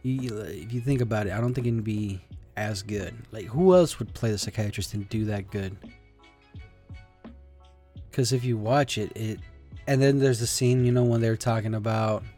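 A man's voice: fairly low pitch, moderate pace, dark tone. Casual male host, loose and rambling, swears, faint music underneath. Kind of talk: casual solo chat.

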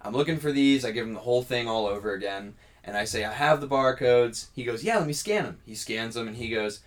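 A man's voice: medium pitch, a little fast. A man co-hosting a podcast, casually telling a long story and acting out the other people's lines. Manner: animated storyteller acting out dialogue. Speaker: podcast co-host.

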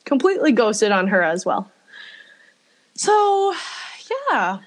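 A woman co-hosting a casual podcast, reading a listener's story aloud with lively delivery and frequent laughter. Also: medium pitch, slow pace. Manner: animated storytelling, laughs often. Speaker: podcast co-host.

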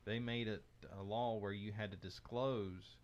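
A man's voice: lowish voice, fairly even intonation, unhurried, dull audio. A man hosting a casual tech podcast, reading news items aloud with frequent fillers and restarts. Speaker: podcast host.

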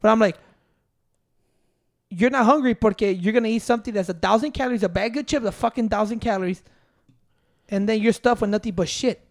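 A man's voice: high-pitched, a little fast, pauses often. A young man in casual chat, blunt and swearing, mixing into English.

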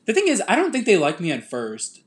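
A young man co-hosting a podcast, talking loud and blunt in casual chat. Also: sits high, huge pitch swings, a little fast. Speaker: podcast co-host.

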